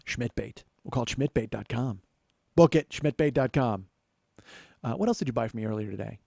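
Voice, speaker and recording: A man in his forties spins a comic story into a close, dry microphone, swearing freely and tossing in jokes at his own expense. His voice sits at an ordinary middle pitch for a man. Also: fairly quick, vocal fry, no room sound. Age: 40s. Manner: animated, profane, self-deprecating asides. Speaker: podcast host. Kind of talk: comedic storytelling monologue.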